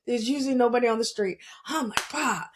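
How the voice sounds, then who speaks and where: A woman with a New York accent, hosting a podcast and telling her own story in a casual, animated way, laughing often and speaking bluntly. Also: a little high, quick pace, slight background noise. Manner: blunt and salty. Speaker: podcast host. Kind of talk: casual spiritual monologue.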